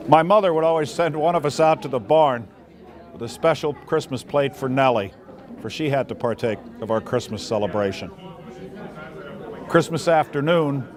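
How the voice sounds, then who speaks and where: Man fondly reading a memoir. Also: mid-range voice. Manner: fond, reminiscing storytelling. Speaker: memoir reader. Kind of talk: reading a personal memoir aloud.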